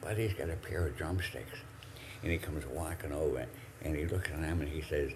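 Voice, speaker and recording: Very deep-voiced man in his eighties. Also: a little mellow, a little hiss or hum. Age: 80s. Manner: rambling, halting, chuckling storyteller. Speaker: guest, drumstick maker. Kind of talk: anecdotal storytelling.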